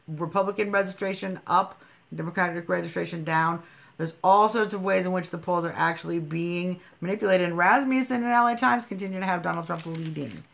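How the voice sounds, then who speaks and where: A woman's voice: medium pitch, creaky, fairly bright tone. A woman hosting a political livestream, talking bluntly and emphatically, scolding her viewers and swearing freely. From United States. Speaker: livestream host.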